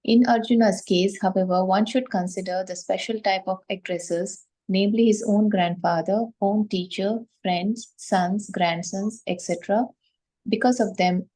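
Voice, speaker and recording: A woman reading a scripture commentary aloud to a class in a steady, careful way. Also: medium pitch, low-quality recording.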